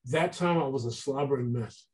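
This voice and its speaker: A man telling a long story as an interview guest, animated and acting out the voices of people he quotes. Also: medium pitch, normal speed, rough recording. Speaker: guest artist. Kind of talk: casual storytelling.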